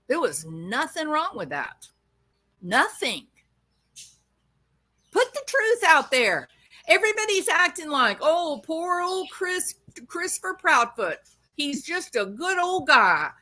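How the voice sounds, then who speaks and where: A woman lectures her subject directly in a slow, deliberate commentary. Her voice sits a little high and sounds bright and forceful. She scolds and preaches like someone giving stern advice. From American South, Arkansas-Louisiana area. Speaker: commentary channel host. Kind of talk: opinionated commentary monologue.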